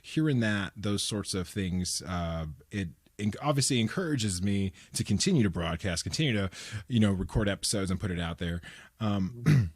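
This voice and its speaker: A man's voice: on the low side, no room sound. A young man hosting a podcast interview, talking casually with many fillers into a studio microphone. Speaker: podcast host.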